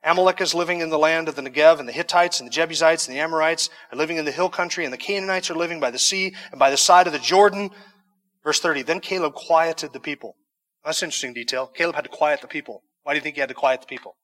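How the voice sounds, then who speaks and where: Bright-voiced man preaching in a hall. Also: fairly high pitch, fast talker. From United States. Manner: reads verses, then explains in a conversational aside with humor. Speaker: pastor. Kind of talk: sermon reading and teaching from scripture.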